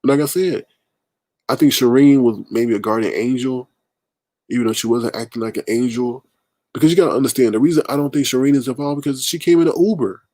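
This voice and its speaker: Animated man hosting a livestream. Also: medium pitch, dry recording. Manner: animated, emphatic, talks back to chat comments. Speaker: livestream host. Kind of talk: casual livestream commentary.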